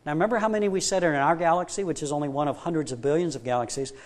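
A man's voice: on the high side, very fast. A man preaching a sermon, stressing his points with rhetorical questions and retelling a story by acting out both people in it. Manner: emphatic, builds up with rhetorical questions. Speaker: pastor.

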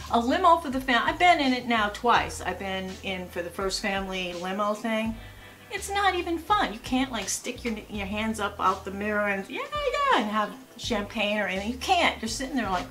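Chatty woman in her sixties. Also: fairly high pitch. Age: 60s. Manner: chatty, animated, with asides and rhetorical questions. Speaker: lifestyle vlogger. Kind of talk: casual chatty advice vlog.

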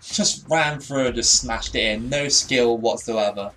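A young man casually commenting on his gameplay, chatty and self-deprecating, laughing often and bursting out excitedly at goals. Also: medium pitch, moderate pace, slight background noise. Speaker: gaming YouTuber.

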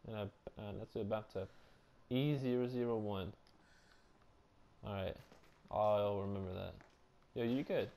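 A young man doing casual let's-play commentary on a horror game, loud, joking and slangy. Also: lowish voice, little pitch movement, moderate pace, creaky, pauses often. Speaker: gameplay streamer.

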